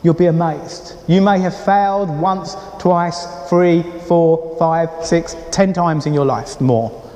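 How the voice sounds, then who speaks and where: A middle-aged man preaching a sermon as a pastor, animated and conversational with chatty asides. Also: on the high side, slow. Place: church. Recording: reverberant church hall.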